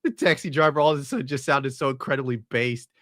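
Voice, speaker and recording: A man's voice: mid-range voice, fast talker, a bit bright, no room sound, clean studio sound. A man giving casual, crude reaction commentary on clips, laughing and riffing. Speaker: streamer host.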